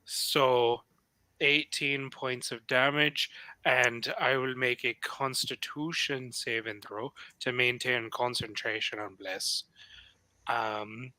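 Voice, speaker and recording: A man's voice: mid-range voice, pushed and bright, no room sound. A man narrating his character's actions as a player in a tabletop game, chuckling often. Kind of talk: casual play narration.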